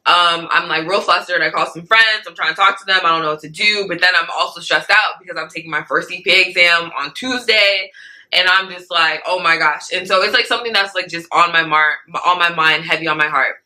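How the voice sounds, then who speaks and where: A young woman with a very bright, sharp voice tells a story as an interview guest. She is animated, acts out what other people said, and keeps checking in with "right?" and "like". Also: fairly low pitch, brisk, rough recording. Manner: animated, acts out quoted speech, many "like" and "right?" fillers. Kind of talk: casual storytelling.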